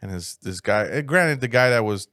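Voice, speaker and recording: A young man swaps stories on a comedy podcast in a loose, profane, animated way. His voice sits at an ordinary middle pitch. The sound is close and dry. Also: moderate pace, clean tone, dry recording. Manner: profane, animated storytelling with acted-out quotes. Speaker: podcast co-host. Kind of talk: casual comedy chat.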